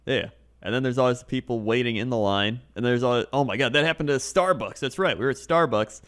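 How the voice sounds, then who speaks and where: A man's voice: mid-range voice, quick pace, fairly bright tone. A man co-hosting a podcast, telling everyday stories in casual chat and mimicking the people in them. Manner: storytelling, mimicking people he describes. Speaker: podcast co-host.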